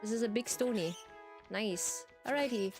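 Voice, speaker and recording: With faint music behind her, a woman with an Austrian accent, a native German speaker, giggles and repeats herself as she chats casually during a game stream. Her voice is on the high side, a little mellow, at normal speed.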